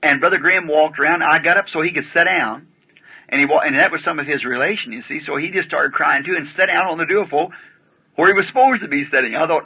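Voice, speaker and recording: A man's voice: fairly high pitch, fast talker, pushed and bright, breathy edge. A man preaching, telling a story in a folksy, plain-spoken way with rustic grammar, on a dull lo-fi archival recording. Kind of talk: sermon storytelling.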